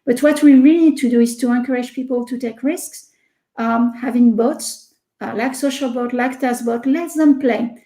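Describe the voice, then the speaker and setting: French-accented woman, high voice, echoey room. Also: normal speed. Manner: animated, repeats words, many fillers. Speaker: research executive guest. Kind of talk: casual interview chat.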